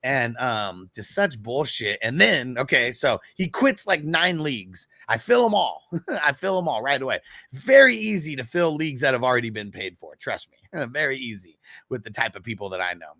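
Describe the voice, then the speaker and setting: Gravelly, animated man ranting. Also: mid-range voice, moderate pace, no echo, clean studio sound. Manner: profane, rambling, with frequent laughs. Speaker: fantasy football show host. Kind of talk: casual storytelling rant.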